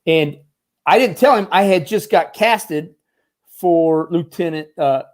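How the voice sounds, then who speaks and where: A man's voice: a little high, slow. A man, a former Marine turned stuntman and advisor, telling casual rambling stories in an interview and acting out the voices of others. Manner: rambling, lively, acts out quoted voices.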